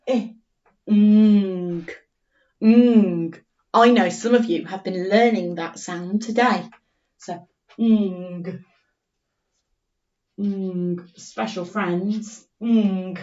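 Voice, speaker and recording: A woman's voice: mid-range voice, echoey room, distant mic, muffled recording. A woman teacher reading a story to young children and sounding out letters in an online lesson. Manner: slow, sing-song story reading with phonics sounding out. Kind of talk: remote primary school story lesson.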